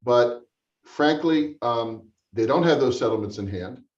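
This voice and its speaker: A man's voice: mid-range voice, expressive, measured pace. A man answering questions at a town hall in a blunt, sarcastic manner. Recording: roomy, distant, dull sound.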